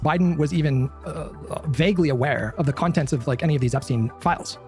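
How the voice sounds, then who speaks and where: A man's voice: on the high side, quick pace, darkish tone, soft background music. A man on a political debate panel, asking probing, skeptical questions.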